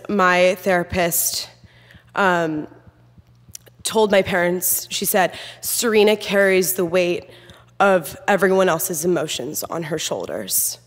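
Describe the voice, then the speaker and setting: A woman in her twenties tells a candid personal story to an audience, nervous and full of "um" fillers. Her voice sits a little low for a woman. A long reverb from a large hall trails after each phrase. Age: 20s. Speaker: student speaker.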